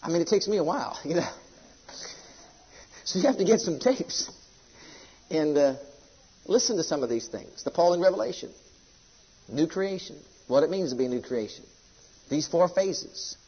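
Husky-voiced man preaching fervently. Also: animated, moderate pace, pauses often, lo-fi sound. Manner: fervent, swinging from loud exhortation to low intensity. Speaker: pastor. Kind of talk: sermon.

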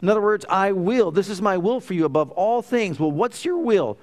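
Man, preacher, emphatic sermon delivery, call-and-response, somewhat high-pitched. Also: expressive, brisk, a little mellow.

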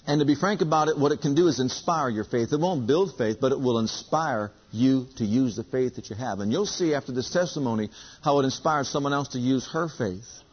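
A man's voice: mid-range voice, a little fast, slightly rough. A man preaching a sermon, telling a story with acted-out dialogue and emphatic repetition. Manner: emphatic, repeats lines, acts out dialogue. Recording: dull lo-fi recording.

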